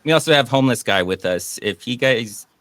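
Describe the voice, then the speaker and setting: A man's voice: medium pitch, expressive, brisk, a bit bright, no room sound. Man, casual host, sarcastic jokes, dry close sound. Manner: joking, sarcastic. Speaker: podcast host. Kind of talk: casual chat.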